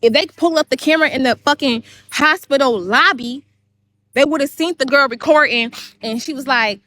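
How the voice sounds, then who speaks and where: A woman's voice: high voice, brisk, pushed and bright. A woman on a livestream, telling a long story in a rambling way, cursing and repeating herself. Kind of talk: heated livestream monologue.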